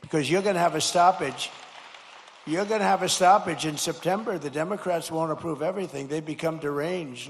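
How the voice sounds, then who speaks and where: An older man giving a rambling, repetitive campaign-style speech at a podium microphone, rising to shouted slogans. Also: fairly high pitch. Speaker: political speaker. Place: large hall at a high school. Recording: reverberant hall.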